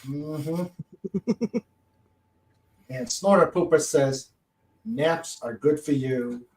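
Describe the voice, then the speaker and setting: Male podcast co-host, slow and chuckly, light high voice, casual chat. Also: animated, darkish tone, low-quality recording. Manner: slow, chuckling, trails off into mutters. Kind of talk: casual chat, reading listener comments.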